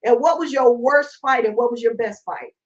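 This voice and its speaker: A woman hosting a casual interview, chatty and excitable. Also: a little high, normal speed, dull audio. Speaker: talk show host.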